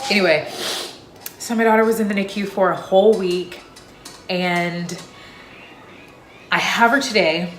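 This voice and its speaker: A woman's voice: mid-range voice, unhurried, pauses often, slight background noise. A young woman talking casually to camera as a vlogger, telling a personal story in a chatty, loose way with lots of fillers. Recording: echoey room.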